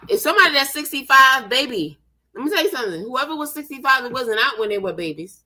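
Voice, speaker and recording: Sassy, teasing woman with a bright voice. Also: sits high, lively intonation, brisk, poor audio. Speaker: chat partner. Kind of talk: casual chat.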